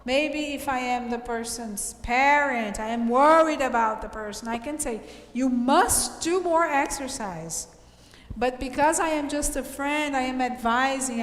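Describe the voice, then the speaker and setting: A woman English teacher from Brazil reviewing a class quiz, explaining slowly and cheering her students on. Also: sits high, fairly bright tone, slight background noise. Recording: echoey room with long reverb.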